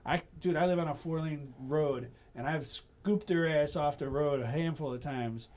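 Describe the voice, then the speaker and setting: A man hosting a podcast in casual chat, telling rambling stories full of swearing, dropping to a mumble and then bursting out loud. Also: fairly high pitch, normal speed. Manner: profane, animated storyteller, swings between mumbles and loud bursts. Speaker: podcast host.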